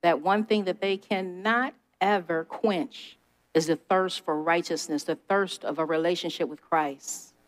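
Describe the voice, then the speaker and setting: Her voice sits on the low side, with fairly even intonation and a slightly slow pace. This middle-aged woman preaches conversationally, emphatic and testifying, talking straight to the people in front of her.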